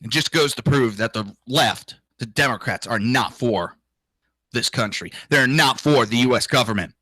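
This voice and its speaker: A man's voice: medium pitch, moderate pace, sharp tone, no echo, rough recording. Brash, profane ranting man. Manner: crude, profane, indignant; mocking voices of others. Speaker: political talk show host. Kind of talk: ranting solo commentary.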